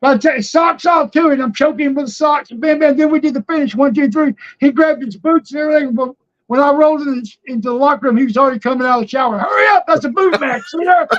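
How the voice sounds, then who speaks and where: An older former wrestler tells road stories on a podcast in an extremely high, fast voice over dull audio. He laughs a lot and acts out the people he quotes as he casually spins his tales.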